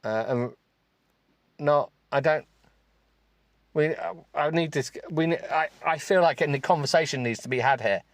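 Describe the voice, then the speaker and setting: A male podcast host reading a text aloud for comedy, stopping to mock it with sarcastic asides and breaking into high giggles. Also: measured pace, long pauses, no echo. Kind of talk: comic reading with running commentary.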